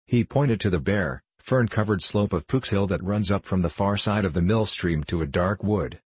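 A male audiobook narrator reads a classic children's story in a measured, even manner. His voice is very low and slightly husky, and the recording is close and dry with no room sound. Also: dry recording.

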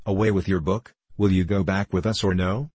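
Stubborn scoffing neighbor read by a man, low husky voice, bossy. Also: fairly even intonation, a little fast, a little mellow, no echo. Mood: scornful. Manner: scoffing, bossy old-fashioned speech. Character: stubborn scornful male neighbor, grown man. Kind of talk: storybook reading.

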